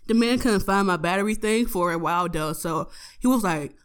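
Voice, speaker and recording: A young woman, a college student, tells a profane story about her day in a casual audio diary, animated and laughing as she goes. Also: mid-range voice, normal speed, smooth. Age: young adult.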